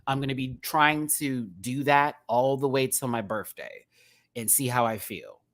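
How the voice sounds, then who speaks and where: A man hosting a casual live-stream rant, chatty and rambling, with sudden bursts of high laughter. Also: a little slow, a bit bright, no echo. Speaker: YouTube commentary host.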